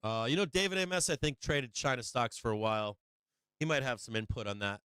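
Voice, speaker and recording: A man's voice: medium pitch, brisk, a bit bright, smooth, no room sound. A middle-aged man hosting a casual livestream, chatting crudely, swearing freely and laughing often. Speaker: stock market livestream host. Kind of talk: profane casual livestream chat.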